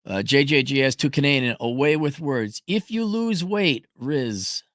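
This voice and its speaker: A middle-aged man answers questions from his livestream audience at a measured pace, staying blunt, profane and emphatic, with animated jumps in pitch. The studio-quality audio has no room sound.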